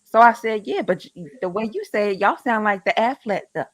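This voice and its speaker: Philly woman, smart-aleck storyteller, mid pitch, dry sound. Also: animated, a little fast, no room sound. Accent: Philadelphia. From Philadelphia. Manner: sassy, self-described smart aleck. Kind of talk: casual chat.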